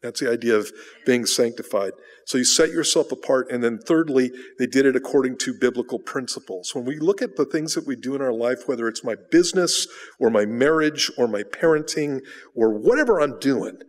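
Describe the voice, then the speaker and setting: A man's voice: mid-range voice, a little fast. Man preaching in a reverberant church. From United States. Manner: conversational, repeats words while rephrasing, rhetorical questions. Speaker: pastor. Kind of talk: sermon. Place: church sanctuary.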